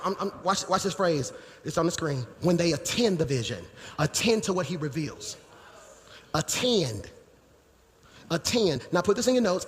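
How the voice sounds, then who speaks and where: A pastor in his forties preaching a sermon in a church sanctuary, moving between quiet teaching and shouted emphasis. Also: sits high. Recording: live church hall reverb, faint noise.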